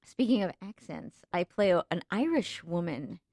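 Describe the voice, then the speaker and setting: A woman's voice: fairly low pitch, lively intonation, normal speed, darkish tone, no room sound, studio quality. A woman actress chatting as a guest on a podcast, talking loosely with frequent ums and self-restarts. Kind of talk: casual podcast chat.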